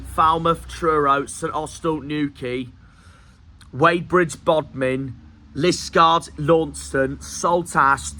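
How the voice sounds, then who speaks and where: A man with a Cornish accent vents about a football loss in a bitter, profane rant, repeating himself as he goes. His voice is bright and cutting. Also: a little high, slight background noise. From Cornwall. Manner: furious, sweary, repetitive ranting. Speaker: football fan vlogger. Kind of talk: angry post-match rant.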